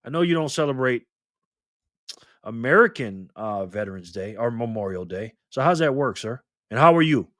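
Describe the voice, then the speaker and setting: A man's voice: medium pitch, lively intonation, normal speed, fairly bright tone, no room sound, clean studio sound. A man hosting a casual live stream, greeting viewers by name and reading their chat messages aloud in an upbeat, loose way. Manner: loose delivery with fillers and laughs.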